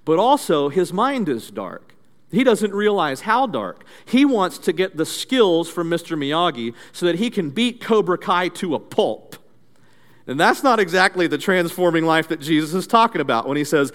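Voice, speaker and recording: A male pastor giving an interactive sermon through animated storytelling, leading the audience in call-and-response drills. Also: fairly high pitch, moderate pace. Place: church. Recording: long church reverb.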